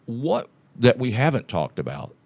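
A man co-hosting a podcast who asks the guest questions in a relaxed way. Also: medium pitch, normal speed, gravelly, no echo. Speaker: podcast co-host. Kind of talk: casual podcast interview.

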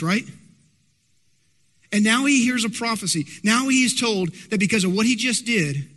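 Male pastor, emphatic sermon delivery, rhetorical questions to the crowd, high voice. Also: a bit bright. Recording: long hall reverb.

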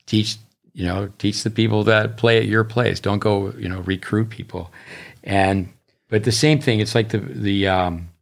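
A man with a very low voice chats casually on a podcast, a middle-aged tennis coach. He rambles through anecdotes and now and then speeds up. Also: a little slow, gravelly.

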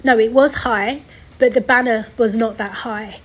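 A young woman tells her own story on her podcast, her voice a little high and breathy. She sounds tearful, sighing often and rambling, with many restarts and corrections. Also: fairly even intonation, unhurried, poor audio. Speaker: podcast host. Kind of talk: personal storytelling.

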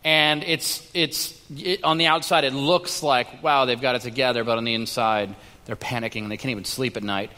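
A man preaching a sermon in a conversational, halting way, with frequent restarts and fillers. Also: mid-range voice, steady tone, sharp tone, in a large hall. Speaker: pastor.

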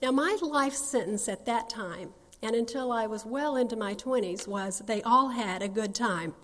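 A woman in her sixties tells her life story as a personal testimony, folksy and earnest. Her voice sits fairly high for a woman. It rings out with the long reverb of a large hall. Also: normal speed, a bit bright. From North Carolina, USA. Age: 60s. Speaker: speaker sharing her testimony.

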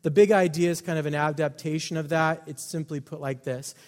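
Male pastor, emphatic sermon delivery, slightly high voice, long church reverb. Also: steady tone, a little fast. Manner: emphatic, swings between loud stresses and quiet asides.

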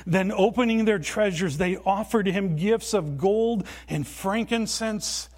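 Man, pastor, sermon, slightly high voice, slow and emphatic, church sanctuary. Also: a little mellow. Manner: earnest, emphatic preaching with deliberate pauses.

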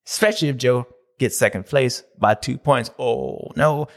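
A man hosting a racing recap show in a jokey, slangy, excitable way. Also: mid-range voice, normal speed, creaky. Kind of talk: comedic recap commentary.

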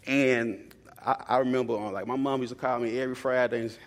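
A young man delivers a sermon in a loose, conversational storytelling voice, often repeating key lines for emphasis. His pitch sits in the middle of the usual range for men. The sound rings out with the long reverb of a large church hall. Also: steady tone, fairly quick. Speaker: preacher.

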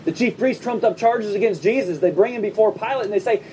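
A male pastor preaching a sermon to his congregation in a church, speaking in a conversational way with quick asides and humor. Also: sits high, a little mellow, distant mic, slight background noise, rough recording. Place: church service before a congregation.

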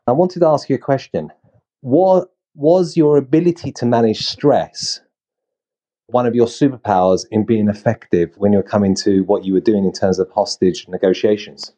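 A man's voice: lowish voice, fairly even intonation, moderate pace, dark tone. A man moderating a panel discussion who asks long, winding questions and lifts his voice for emphasis.

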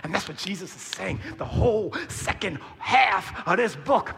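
A bright-toned, high-voiced male pastor preaches a sermon in a church, animated and jokey, then dropping low and hushed. His voice rings out with a long echo through the hall. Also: normal speed, gravelly.

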